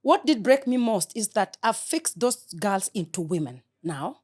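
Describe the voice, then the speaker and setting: A woman's voice: mid-range voice, big pitch swings, measured pace, slightly rough. A middle-aged woman, talking earnestly and with feeling as an interview guest. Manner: earnest, heartfelt, soft-spoken. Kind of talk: emotional interview talk.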